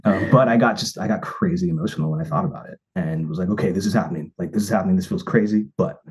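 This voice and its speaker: A man's voice: low voice, racing, darkish tone, husky. A man, a podcast guest, telling a long personal story in a rambling casual way and acting out quoted lines.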